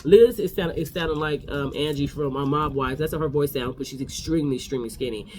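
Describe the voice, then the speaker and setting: A man's voice: on the high side, fast, a little mellow, slight background noise. A man giving a casual, sassy gossip recap of a reality show, talking straight to his viewers.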